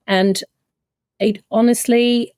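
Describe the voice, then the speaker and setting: A middle-aged Australian woman, a guest on a podcast, candidly and emotionally retells a personal story in conversation, quoting many exchanges. Her voice sits on the high side, slow and fairly even, with a darkish tone in clean studio sound with no room sound.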